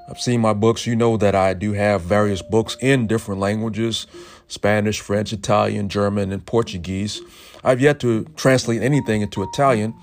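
A man hosting his own podcast, talking casually and filling pauses with "uh". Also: lowish voice. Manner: relaxed, filler-heavy speech with frequent "uh". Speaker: podcast host.

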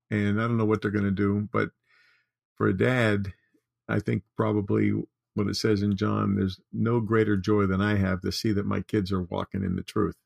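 An older man with a gravelly, fry-edged voice talks as a podcast guest, earnest and heartfelt. The recording is dry and close, with no room sound. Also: lowish voice, little pitch movement, normal speed, no echo. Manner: warm-hearted, earnest, tearful at times. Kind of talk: casual chat.

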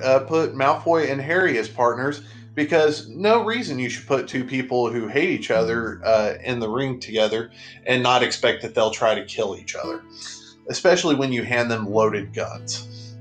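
A man hosting a casual comedic movie recap with sarcastic joking asides. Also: medium pitch. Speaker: podcast host recapping a movie.

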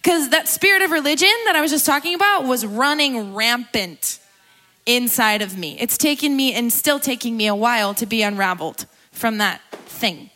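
Bright-voiced young woman giving testimony. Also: fairly high pitch, normal speed. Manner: candid, conversational, laughs often, tearful at times. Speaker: guest speaker at a church gathering. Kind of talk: personal testimony sermon.

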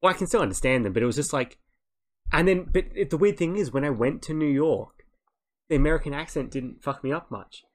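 A man's voice: a little high, animated. A young Australian man co-hosting a podcast, telling casual anecdotes and swearing freely. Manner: swears freely, tells stories with quick asides. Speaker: podcast co-host. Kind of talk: casual chat.

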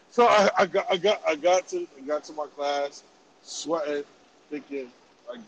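A man around forty, telling a story in animated, profane, laughing casual podcast chat. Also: fairly high pitch, normal speed, creaky, a crowd in the background, low-quality recording. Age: about 40. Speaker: podcast host.

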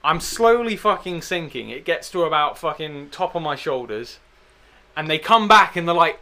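A young man telling a story in casual chat, with a lot of swearing, animated and mocking himself. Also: a little high, moderate pace. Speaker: podcast guest storyteller.

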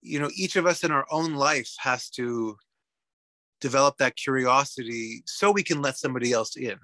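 A man from Canada, a psychotherapist guest, musing in an animated way and often checking in with "right?". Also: mid-range voice, normal speed, no room sound. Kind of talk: reflective conversational interview.

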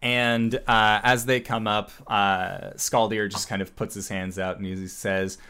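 Low-voiced guy game-mastering, slow and halting, lots of uhs. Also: flat delivery, bright, forceful tone, clean tone. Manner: halting, many filler sounds. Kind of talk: narrating a tabletop game.

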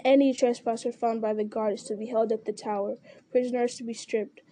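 A woman voicing a gruff, stern male orc captain who growls out blunt orders in an audiobook reading. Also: fairly high pitch, flat delivery, brisk, dark tone, lightly acted.

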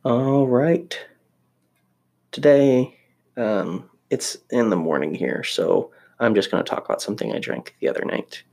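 A man's voice: mid-range voice, very animated, measured pace, creaky, dark tone. A young man chatting casually to the camera, rambling and self-deprecating, with lots of restarts. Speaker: vlogger living in Japan.

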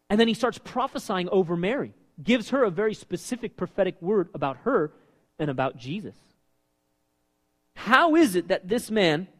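A man preaching a sermon as pastor, animated and asking his listeners questions. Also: high-pitched. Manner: animated, asks the congregation questions. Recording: long reverb of a hall.

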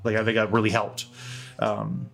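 A man's voice: fairly low pitch, monotone, normal speed, creaky. A young man co-hosting a podcast, talking candidly in a rambling way and swearing casually. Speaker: podcast co-host.

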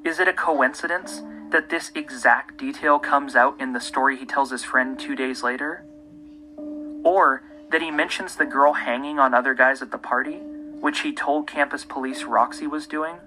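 A man, the host, giving scripted true-crime narration in a measured, pointed way. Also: mid-range voice, bright, forceful tone, soft background music, low-quality recording. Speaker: podcast host.

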